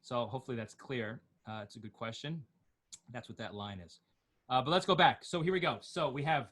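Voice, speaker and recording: A middle-aged man teaching Torah reading over a video call, chanting cantillation note names slowly and breaking off into quick spoken explanations. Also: mid-range voice, lively intonation, a bit bright. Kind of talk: online class, chanting cantillation notes.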